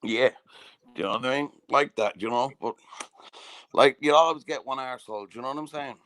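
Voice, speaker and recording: A man's voice: medium pitch, a little fast, a bit bright, no echo. Sweary southern Irish man, dry sound. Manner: sweary storytelling, constantly asking "do you know what I mean". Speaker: podcast host. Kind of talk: casual chat.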